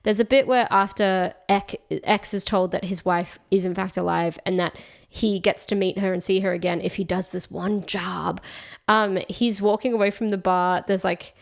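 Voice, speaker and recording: Sweary, animated woman podcast co-host. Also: medium pitch, moderate pace, vocal fry. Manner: animated, sweary and playfully over the top. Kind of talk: casual comedic chat.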